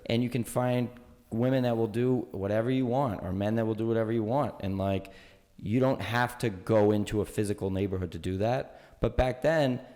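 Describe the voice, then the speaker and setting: A man's voice: fairly low pitch, normal speed, long reverb tail. A man telling stories in a casual podcast chat, acting out the voices of the people in them. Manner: animated storyteller, acts out quoted voices. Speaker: podcast guest, local history storyteller.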